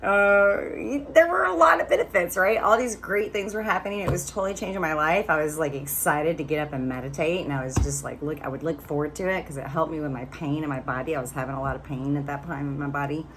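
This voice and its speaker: Woman, 50s, low voice, chatty and candid vlogger storytelling to camera, with faint noise behind her. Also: fast, hardly any pauses. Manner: chatty and candid, swearing casually.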